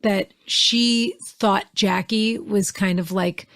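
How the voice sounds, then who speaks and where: A woman guesting on a podcast, chatty and opinionated, hedging with little qualifiers as she works through her points. Her pitch sits in the middle range, recorded close on a dry studio mic. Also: steady tone, takes it slowly, a bit bright, dry recording. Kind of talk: casual chat.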